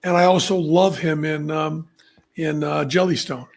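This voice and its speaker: A man hosting a podcast, telling stories in a casual, animated way and laughing at his own anecdotes. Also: fairly high pitch, measured pace, creaky. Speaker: podcast host. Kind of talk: casual storytelling chat.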